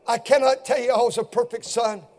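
Older male pastor with a very high voice, fiery pulpit delivery that climbs into shouts. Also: little pitch movement, fairly quick. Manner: impassioned, rising to shouts. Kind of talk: fiery sermon.

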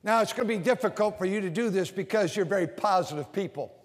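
High-pitched baptist preacher man, big church, emphatic, lots of echo. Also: fast talker. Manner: emphatic, leads call-and-response chants. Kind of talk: sermon. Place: large church with balcony and bleachers.

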